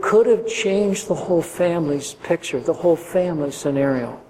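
Preacher, male, high voice, acts out story voices, roomy hall with long reverb. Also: normal speed, few pauses, slight background noise. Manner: acts out quoted voices, drops to soft tones. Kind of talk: sermon. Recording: echoey hall with faint ambience.

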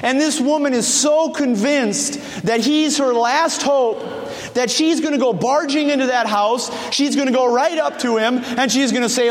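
A man preaching a sermon, animated, acting out the voices of people he quotes. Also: very high voice, moderate pace. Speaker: pastor. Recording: church hall reverb.

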